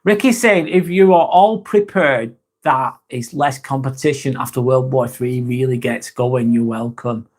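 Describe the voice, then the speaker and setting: A man's voice: medium pitch, measured pace, few pauses. A man hosting a casual live chat, reading viewer comments aloud, laid-back, laughing often and swearing freely. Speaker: livestream host.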